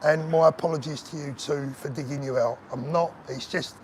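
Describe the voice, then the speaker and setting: Out on a town street, this older livestream host from England reads out viewer comments, speaking to them as mate in an earnest, emotional way. His fairly high voice has a darkish tone and fairly even intonation, moving a little fast, with slight hiss or hum in the background.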